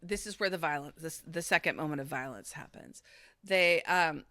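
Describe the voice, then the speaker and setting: Bright-voiced woman recapping reality TV. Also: low-pitched, normal speed, no room sound, studio quality. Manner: chatty storytelling, acting out quotes, swearing freely. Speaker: podcast host.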